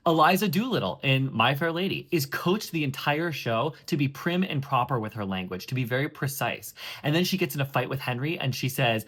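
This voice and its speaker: A man working as a Broadway audition coach, giving chatty, expressive coaching tips straight to camera with playful emphasis. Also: mid-range voice, moderate pace, hardly any pauses, breathy edge.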